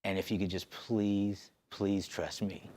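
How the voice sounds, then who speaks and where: A man voicing the soft, pleading words of a tearful woman friend in his own low voice. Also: little pitch movement, unhurried.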